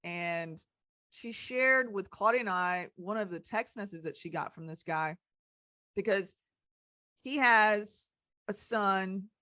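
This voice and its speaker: A woman's voice: mid-range voice, slow pace, sharp tone, no echo. A woman hosting a casual podcast chat, rambling with lots of "you know" and "um.". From Texas. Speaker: host.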